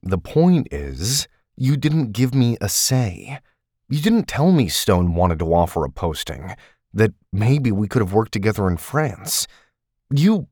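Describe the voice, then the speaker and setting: A man's voice: fairly low pitch, big pitch swings, unhurried, a little mellow, slightly rough, no echo, studio quality, exaggerated voice. A male narrator voicing a tense, blunt ex-agent who speaks tersely and coolly. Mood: cool, cutting. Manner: terse, cool and cutting. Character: tense, blunt man, fed-up ex-field agent partner.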